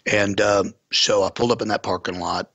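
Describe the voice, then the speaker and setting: A man's voice: lowish voice, fairly even intonation, brisk, vocal fry, a bit bright, slightly rough, dry recording, lo-fi sound. A man, a pastor, vividly retelling a story on a podcast.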